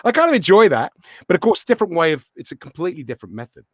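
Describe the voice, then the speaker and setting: Middle-aged guy, actor telling showbiz stories, pitch jumps all over, dry close sound. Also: very fast, no room sound. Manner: animated storyteller, acts out voices in anecdotes. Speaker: actor and voice actor, guest. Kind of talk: casual interview chat.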